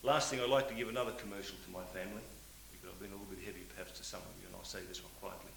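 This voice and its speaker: A middle-aged man giving a motivational speech to a sales audience, swinging between loud preaching and quiet, confiding storytelling. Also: sits low, fairly even intonation, rapid-fire, creaky. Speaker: motivational speaker at a sales meeting. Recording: hissy old cassette tape in a roomy hall.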